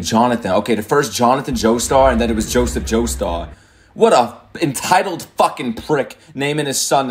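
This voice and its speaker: A rapper giving excitable, swear-heavy commentary for a reaction video, with music playing faintly behind him. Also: male voice, fairly low pitch. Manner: excitable, loud, swears constantly. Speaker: rapper reacting to anime themes.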